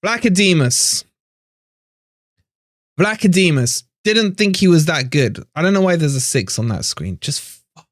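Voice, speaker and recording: A man's voice: a little high, sing-song, unhurried, long pauses, dry recording, studio quality. A man hosting a live fan stream, ranting with frustration after a match, swearing and repeating himself. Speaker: fan channel host. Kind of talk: live post-match rant.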